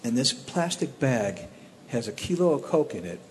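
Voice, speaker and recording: At a normal speed, a Cleveland-area man gives his personal testimony, plainspoken and animated, with restarts as he goes. His pitch is middling. The recording, made in a roomy hall with a long reverb tail, has faint ambience and a little hiss or hum.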